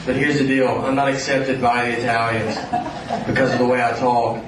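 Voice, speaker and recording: Deadpan Tennessee man doing stand-up. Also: mid-range voice, normal speed. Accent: Tennessee Southern US. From Tennessee, USA. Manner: deadpan, meandering, hesitant with many fillers. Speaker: stand-up comedian. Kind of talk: live stand-up set. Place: stage in a venue with an audience. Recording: noisy, echoey live stage recording.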